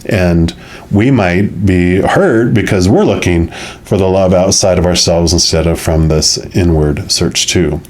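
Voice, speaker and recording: A tarot reader with a low voice walks his viewers through a weekly reading at a measured pace. He sounds soft and musing, his loose phrases circling back on themselves.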